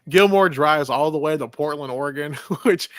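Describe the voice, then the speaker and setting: A man's voice: fairly high pitch, normal speed, a bit bright, dry recording, clean studio sound. A man co-hosting a casual film review chat, rambling, swearing freely and acting out movie lines. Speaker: podcast co-host reviewing a film.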